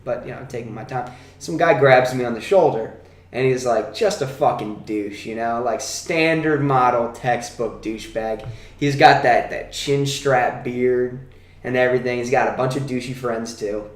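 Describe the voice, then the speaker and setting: A young man telling a rowdy party story on a podcast, profane and animated, acting out the quotes. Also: mid-range voice, normal speed. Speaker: podcast co-host. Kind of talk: casual storytelling chat. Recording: echoey room.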